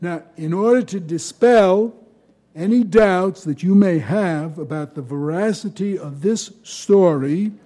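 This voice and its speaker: Older guy telling a story at a panel, high-ish soft voice, measured. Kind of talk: anecdotal conference talk.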